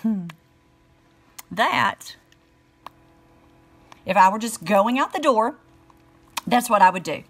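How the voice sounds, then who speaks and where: With long pauses and a slow pace, a middle-aged beauty vlogger speaks in an animated mid-range voice. She has a Southern American accent and chats casually while live-streaming lipstick swatches, greeting viewers by name.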